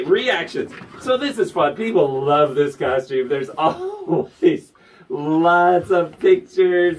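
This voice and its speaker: Animated man telling funny stories. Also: far from the mic, slight background noise, low-quality recording. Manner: animated, laughing often, bursts into high squeals. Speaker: vlogger. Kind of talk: casual storytelling to camera.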